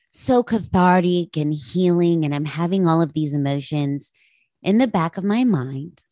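A woman in her late thirties talks through a personal reflection with her audience, open and confessional. Her voice sits low, and the recording is close and dry, with no room sound around her. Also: darkish tone, no room sound. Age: 30s. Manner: candid, confessional, addresses listeners directly. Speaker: podcast host.

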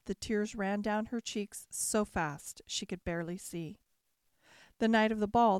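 Lady reading a storybook tale, expressive, mid voice, dry no room. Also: mid-range voice, clear, resonant tone, dry recording.

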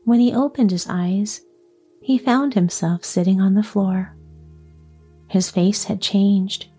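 A woman reading a children's story aloud as a storyteller, with calm, measured narration. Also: mid-range voice, husky, faint music behind.

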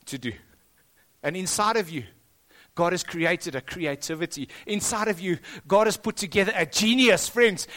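South African male pastor, high-pitched, emphatic sermon delivery with repeated phrases. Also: sharp tone. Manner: emphatic, rising and dropping for stress, repeats phrases. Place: school hall.

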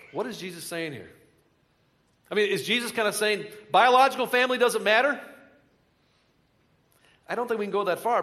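High-voiced man preaching in a reverberant hall. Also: a bit bright. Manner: conversational, rising to emphatic bursts with repeated phrases. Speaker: pastor. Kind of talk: sermon. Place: large hall with a live congregation.

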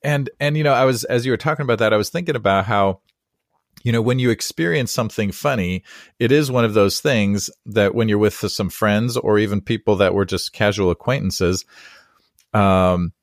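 A man's voice: on the low side, moderate pace, no echo, clean studio sound. A man hosting a podcast conversation, a pastor who tells rambling stories and laughs easily. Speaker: podcast host and Presbyterian pastor. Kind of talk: conversational interview. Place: San Diego area.

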